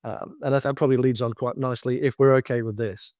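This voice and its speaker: A middle-aged man walks through a business presentation like a consultant, explaining patiently and slipping into anecdotes, often restarting his phrases. His voice sits at an ordinary male pitch. The sound is dry and close, with no room around it. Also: fairly even intonation, fast talker, a little mellow, no room sound. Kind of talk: slide-based business presentation.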